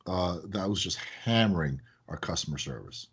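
A man with a husky, slightly breathy voice, chatting in a casual podcast interview about running his business. His pitch swings widely as he tells animated stories and acts out phone calls. The sound is a little dull and muffled. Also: normal speed. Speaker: business owner, guest.

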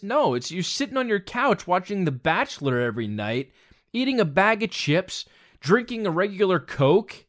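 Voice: medium pitch, very animated, moderate pace. Blunt, exasperated ranting commentator. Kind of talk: opinion rant monologue.

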